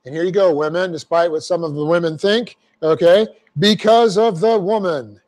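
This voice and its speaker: A man's voice: high voice, moderate pace, a little mellow. A man teaching a verse-by-verse Bible class, explaining Greek grammar step by step with folksy asides. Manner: folksy asides, repeats phrases for emphasis.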